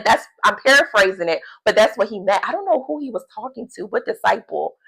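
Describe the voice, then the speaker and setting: A woman with a mid-range voice and a gravelly fry talks in a relaxed devotional vlog. She is chatty and animated, laughs often and acts out quotes as she goes. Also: medium pitch, fairly quick, few pauses, low-quality recording. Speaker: faith vlogger. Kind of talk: casual devotional video journal.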